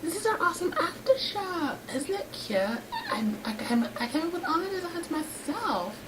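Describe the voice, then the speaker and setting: A woman's voice: extremely high pitch, very animated, normal speed, pitched above the performer's own voice. A woman voicing a bubbly, self-centered female flower creature who hosts a show, gushing and boastful, in a noisy home recording. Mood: perky. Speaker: show host.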